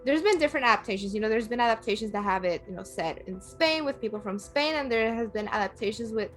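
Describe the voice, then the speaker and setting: A woman from Puerto Rico, a guest in a casual chat, talking with animated energy and laughing often. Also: on the high side, quick pace, faint music behind.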